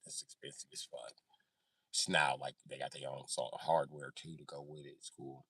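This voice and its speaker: A man's voice: a bass voice, level tone, normal speed, pushed and bright, husky, no echo. A man chatting on a livestream, joking and cursing in a rambling way. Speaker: livestream host. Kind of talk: casual livestream chat.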